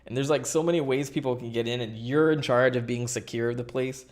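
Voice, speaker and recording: A man's voice: medium pitch, brisk, a little mellow. Young man rambling casually on stream. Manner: rambling, filler-heavy, laughs often. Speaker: streamer host. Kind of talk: casual live-stream chat.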